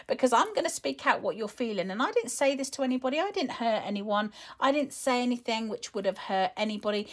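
A woman speaks as a wellness coach in a casual monologue aimed at other women. She talks in a loose, chatty way, full of fillers. Her tone stays earnest and emotionally open. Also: medium pitch.

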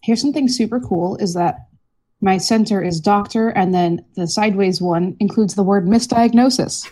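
Woman, medium voice, playful, quick jokes, casual call with friends. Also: medium pitch, dark tone. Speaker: tabletop game player. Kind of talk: casual chat over voice call.

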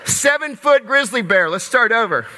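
Bright-voiced, jokey preaching man. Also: very high voice, normal speed. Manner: jokey, conversational, animated storytelling. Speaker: pastor. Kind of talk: sermon. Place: large church sanctuary. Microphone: stage microphone. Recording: reverberant live church hall.

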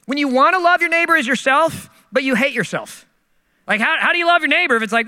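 Middle-aged male pastor, high bright voice, storytelling sermon, reverberant hall. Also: fast. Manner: storytelling, self-mocking, animated.

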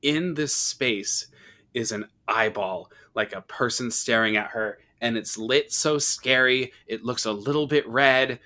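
Bright-voiced man recapping a movie. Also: mid-range voice, a little slow. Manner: animated storyteller, acts out quotes. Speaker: podcast host. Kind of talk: casual horror movie discussion.

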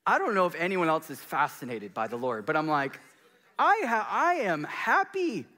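Male pastor preaching a sermon; lively, swooping delivery, fairly high voice, excited one moment and hushed the next. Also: measured pace, long pauses, a little hiss or hum. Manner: animated preaching, swinging between excited and hushed. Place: church.

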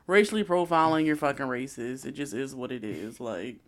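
A man's voice: medium pitch, brisk, a bit bright. A man co-hosting a podcast, chiming in bluntly and dismissively with plenty of swearing. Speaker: podcast co-host.

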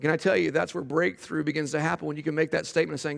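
A man preaching a sermon as pastor, emphatic and animated, often repeating phrases for effect. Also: on the high side, fast talker, vocal fry, in a large hall. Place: church sanctuary.

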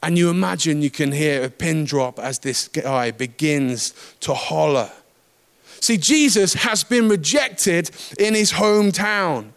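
A male preacher with a notably high voice gives a sermon in a relaxed, conversational way. He mixes teaching with light humorous asides and lively emphasis.

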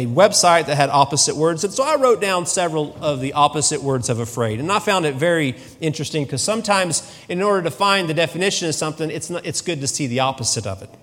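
A man preaching a sermon in a church, in a conversational, animated way, often repeating his phrases. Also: a little high. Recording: long reverb of a hall.

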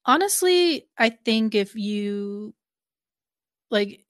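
A woman's voice: fairly high pitch, lively intonation, very slow, dry recording, studio quality. A woman co-hosting a show recap, chatty and laughing often, with many fillers. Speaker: podcast co-host. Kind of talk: casual recap chat.

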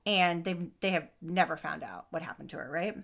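Bright-voiced woman telling a crime story. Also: lowish voice, normal speed, creaky. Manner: expressive, swears, frequent asides and restarts. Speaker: podcast host telling a true crime case. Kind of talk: casual true crime storytelling.

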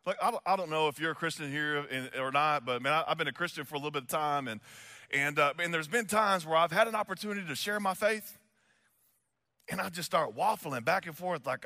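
High, bright-voiced pastor preaching. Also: male voice, brisk, big-room sound. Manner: animated, chatty, many fillers. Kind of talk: sermon with storytelling.

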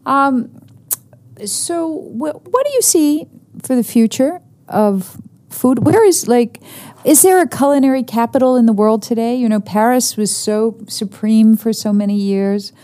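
Mellow-voiced woman interviewer. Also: a little high, a little slow. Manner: friendly, curious, laughs easily. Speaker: interviewer host. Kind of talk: casual interview.

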